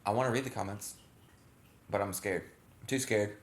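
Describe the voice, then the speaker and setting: A man's voice: fairly low pitch, moderate pace. A man co-hosting a casual reaction chat, rambling with lots of fillers and self-corrections. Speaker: channel co-host. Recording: echoey room.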